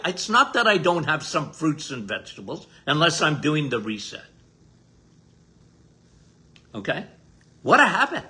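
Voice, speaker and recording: Older guy doctor on a podcast, slow and emphatic, sounds like he's preaching, voice bouncing all over. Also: sits high, sharp tone. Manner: emphatic, repetitive, folksy preacher-like delivery. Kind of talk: casual health talk monologue.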